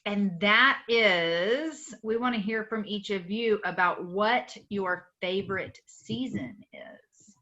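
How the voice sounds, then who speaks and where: A woman co-host speaks slowly and deliberately, her voice bright and a little high. The call audio sounds dull and lo-fi. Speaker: recreation program co-host. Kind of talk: group video call chat.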